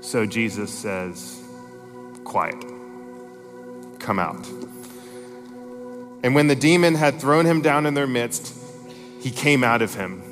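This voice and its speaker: A man's voice: mid-range voice, animated, moderate pace. Man preaching a sermon in a reverberant hall. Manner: emphatic, reads scripture aloud with rising intensity. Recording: long reverb in a large hall, faint music.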